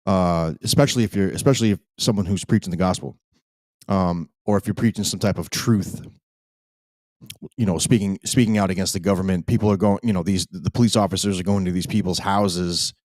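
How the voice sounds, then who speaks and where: A man's voice: low voice, fairly quick, a little mellow, dry recording. A man hosting a live podcast, rambling and emphatic, with frequent restarts. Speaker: podcast host.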